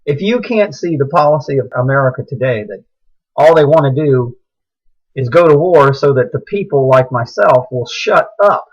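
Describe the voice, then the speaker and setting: A husky, middle-aged man talks in a preachy monologue, his voice climbing into agitated outbursts. His pitch sits at an ordinary middle level. The recording sounds dull and lo-fi. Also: expressive, normal speed. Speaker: speaker sharing religious views. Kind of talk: impassioned personal monologue.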